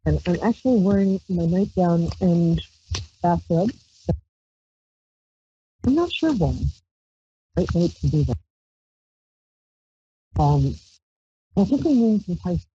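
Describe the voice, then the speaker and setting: Taking it slowly with long pauses and lively intonation, a Brooklyn woman speaks in a fairly low, dark, slightly rough voice. She hosts a psychic call-in radio show, reading tarot on a handheld mic in a rambling, chatty, playful manner with squealed exclamations. The dry recording is dull lo-fi stream audio.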